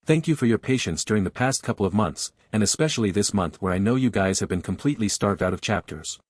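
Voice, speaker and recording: A man reading a fantasy web novel aloud in steady scripted narration, close to the mic. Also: on the low side, quick pace, no room sound.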